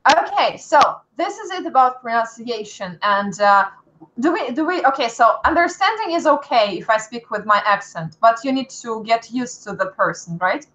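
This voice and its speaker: A woman's voice: on the high side, lively intonation, normal speed, fairly bright tone, muffled recording. A woman with a Russian accent, hosting a casual chat and asking questions, sometimes turning to address viewers. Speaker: host.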